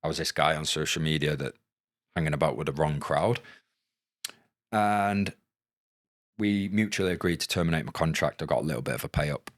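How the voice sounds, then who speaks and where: A man's voice: a bass voice, brisk, pauses often, dry recording, studio quality. A man in his thirties telling his story candidly as a podcast guest, frank and casual and cursing freely. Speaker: podcast guest, former footballer.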